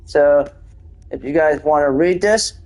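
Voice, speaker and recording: A man's voice: fairly high pitch, a little slow, darkish tone, rough recording. A man hosting his own gaming channel, talking casually over his gameplay, hesitant and full of restarts.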